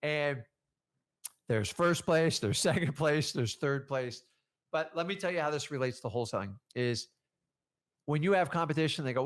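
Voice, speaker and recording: A man's voice: on the high side, normal speed. A man giving a casual coaching talk as a real estate trainer, acting out conversations with sellers. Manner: animated, acts out seller conversations.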